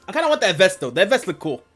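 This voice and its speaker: A man's voice: sits high, very animated, a little fast, a bit bright, slightly rough, soft background music. A man streaming a video game, chatting casually with rambling, profane jokes. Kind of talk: casual let's-play chat.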